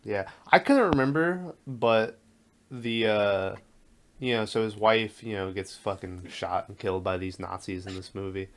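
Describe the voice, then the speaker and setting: A man with a fairly low voice recalls film scenes in an easy, rambling way. He swears freely and laughs along with his co-hosts. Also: a little slow. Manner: laid-back, loose, swears often. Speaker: podcast co-host. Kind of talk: casual movie chat.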